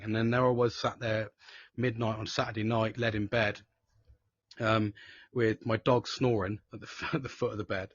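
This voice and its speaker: A man's voice: mid-range voice, slightly rough, no echo, muffled recording. A man hosting a live show, talking candidly and profanely about mental health, rambling with restarts. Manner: sweary, frank, rambling with restarts.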